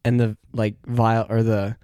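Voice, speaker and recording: A man's voice: lowish voice, level tone, measured pace, mellow, smooth, no room sound. A young man co-hosting a podcast in casual chat, easygoing, laughing readily and using lots of fillers. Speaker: podcast co-host.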